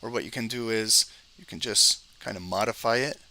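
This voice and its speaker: A man's voice: on the low side, brisk, bright, forceful tone. A man giving live screen-share trading commentary, talking straight to his viewers, exasperated, often repeating words as he explains. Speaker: trading educator.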